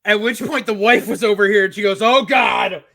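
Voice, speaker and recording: A man's voice: sits high, fairly even intonation, fast, pushed and bright, no echo. A middle-aged man co-hosting a podcast, telling long rambling stories full of profanity, slipping into voices for the people he quotes. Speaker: podcast co-host. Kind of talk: casual storytelling chat.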